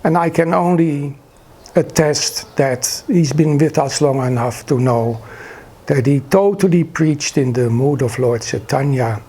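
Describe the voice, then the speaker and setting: A man's voice: on the high side, measured pace, dark tone, breathy edge. A man earnestly recalling his spiritual teacher in a devout, reverent way. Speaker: disciple sharing memories. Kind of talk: reverent personal reminiscence.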